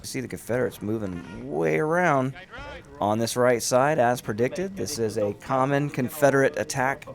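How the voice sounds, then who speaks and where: A man hosting and commentating a large online battle game with lively, amused play-by-play. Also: mid-range voice, normal speed, creaky, music in the background. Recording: commentary over loud battle crowd noise. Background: crowd and gunfire of a large online battle.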